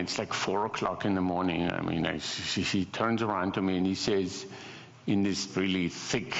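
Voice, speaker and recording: An older man with an Italian accent gives a guest lecture, telling stories with a wry, self-mocking humor. His voice is low and gravelly. The recording is dull and lo-fi, with a long hall echo. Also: fairly bright tone. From Italy. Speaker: designer giving a guest lecture. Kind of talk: anecdotal lecture storytelling. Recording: echoey hall, dull lo-fi sound.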